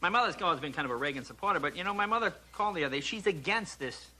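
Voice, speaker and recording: A man's voice: fairly high pitch, rapid-fire. A man in his thirties, a comedian guest on a talk show, telling comic stories and putting on mocking voices. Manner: animated, jumps into mocking voices of family and strangers. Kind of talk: stand-up storytelling on a talk show. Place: television studio with audience. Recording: noisy 1980s broadcast recording.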